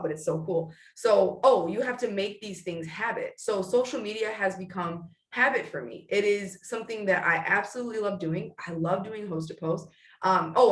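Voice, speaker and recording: A woman in her thirties giving a casual, blunt motivational talk to her sales team, talking fast with many restarts. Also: lowish voice, roomy sound, distant mic. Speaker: direct sales team leader. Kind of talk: casual live video pep talk.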